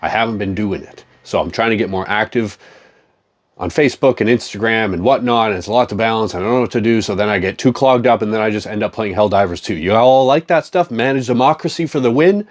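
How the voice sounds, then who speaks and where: A man's voice: on the low side, fast talker. A man in a profane, joking, rambling casual chat, talking as a comic collector.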